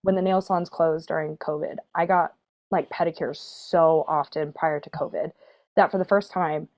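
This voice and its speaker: Chatty woman with a lowish voice. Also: fairly even intonation, normal speed, darkish tone. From American South. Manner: chatty, self-deprecating, laughs often. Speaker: podcast guest, burlesque performer. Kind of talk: casual chat.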